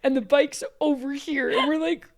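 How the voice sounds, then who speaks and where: A chatty young woman with a high voice trades stories on a casual podcast. She talks in a relaxed way and often finishes her co-host's sentences. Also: moderate pace, vocal fry. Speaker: podcast co-host. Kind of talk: casual chat.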